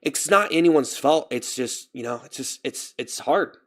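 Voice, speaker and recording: A man talks casually to his live-stream viewers at an ordinary pitch. He rambles, repeats the same phrases and lets self-pity run through his venting. It sounds like a home streaming setup. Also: expressive, a little slow, fairly bright tone.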